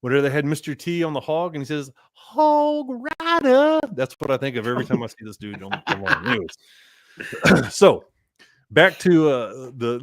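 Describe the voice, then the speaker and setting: A man guesting on a podcast tells a casual road-trip story, laughing often while performing both parties in the dialogue. His voice is lowish and a bit bright, recorded cleanly in a studio without echo.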